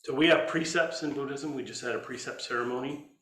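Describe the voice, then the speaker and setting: A man teaching as a Zen teacher, giving an informal dharma talk in a conversational way, thinking aloud with pauses and restarts. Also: medium pitch, a bit bright, roomy sound.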